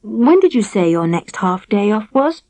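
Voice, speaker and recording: A woman's voice: mid-range voice, sing-song, moderate pace, a little mellow, no echo, voice pushed up, natural voice. A woman voicing a shy, kind young man who works as a castle servant, friendly and a bit bashful.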